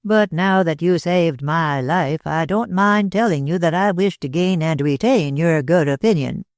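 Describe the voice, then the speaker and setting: A man voicing a talkative older man with an American accent, speaking slowly and dryly in a drawl. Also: a little high, no room sound. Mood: cool. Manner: drawling, slow and dry.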